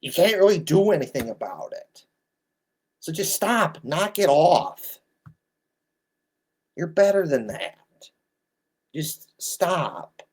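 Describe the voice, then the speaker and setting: Slow, blunt ranting man in his thirties. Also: on the high side, very animated, husky. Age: 30s. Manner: blunt, exasperated, repetitive scolding. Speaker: sports commentator. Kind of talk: ranting commentary.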